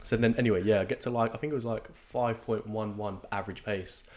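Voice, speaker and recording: A young man, telling a race story in casual podcast chat, swearing freely and acting out his own shouts. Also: lowish voice, fairly even intonation, fast talker. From England. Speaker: podcast co-host. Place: podcast studio.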